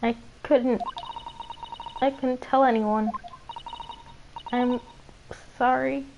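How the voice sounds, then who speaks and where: A woman voicing a timid young woman with a put-on Russian accent, speaking in a hushed, halting, apologetic way. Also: high-pitched, fairly even intonation, creaky, dull audio, noisy background, pitched above the performer's own voice, heavily acted. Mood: hushed remorse. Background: game music.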